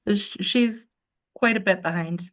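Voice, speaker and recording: A woman's voice: medium pitch, measured pace, lo-fi sound. A woman working as a court clerk, reading out payment records in a businesslike manner. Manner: matter-of-fact, businesslike. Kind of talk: reporting records.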